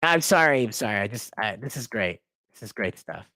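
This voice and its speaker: A man's voice: on the low side, big pitch swings, a little fast, sharp tone, no echo, clean studio sound. A man hosting a casual commentary stream, rambling and swearing with frequent laughs. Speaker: host.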